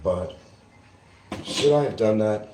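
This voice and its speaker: An older man on a livestream, delivering a combative rant that swings between shouting and muttering. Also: lowish voice, lively intonation, slow, slight background noise. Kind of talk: ranting livestream monologue. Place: island town, outdoors or at home.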